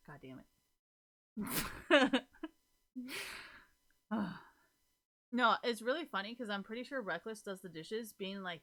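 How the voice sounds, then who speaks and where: Bright-voiced woman, laughing casual chat. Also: medium pitch, expressive, slow, pauses often. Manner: laughs often, swears freely, rambling.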